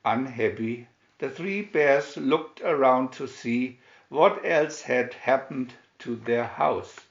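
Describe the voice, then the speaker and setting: A man reading a fairy tale aloud from a picture booklet, expressive storytelling with announced picture numbers. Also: medium pitch, takes it slowly, gravelly, roomy sound, lo-fi sound. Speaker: storybook reader. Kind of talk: slow read-aloud fairy tale narration.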